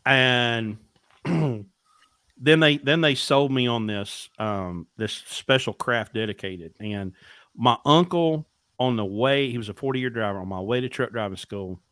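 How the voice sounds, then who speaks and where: A man's voice: medium pitch, a little slow, a bit bright, no echo. A middle-aged man, a podcast guest telling blunt, profane stories and acting out dialogue. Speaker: podcast guest, truck driver. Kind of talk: casual storytelling interview.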